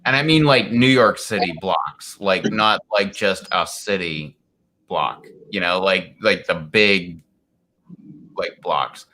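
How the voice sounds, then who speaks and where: A livestream host drifts through casual late-night chat in an easygoing, filler-heavy way, saying "like" constantly. His voice sits low and moves slowly, with a bright, forceful tone.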